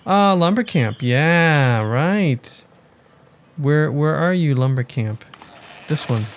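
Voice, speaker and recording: A man's voice: a little high, lively intonation, takes it slowly. A man giving casual commentary on his city-building game, thinking aloud and chatting to his villagers as he plays. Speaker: let's play gamer.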